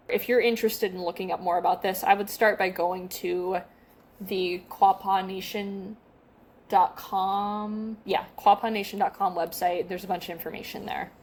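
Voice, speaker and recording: A woman's voice: medium pitch, darkish tone. A young adult woman co-hosting a podcast, chatting casually and reading from her notes, self-deprecating and stumbling over names. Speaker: podcast co-host.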